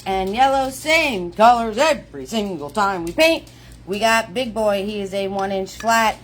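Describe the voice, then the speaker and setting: A woman hosting a live painting class, bubbly and chatty, greeting viewers in a singsong. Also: medium pitch. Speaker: paint party host.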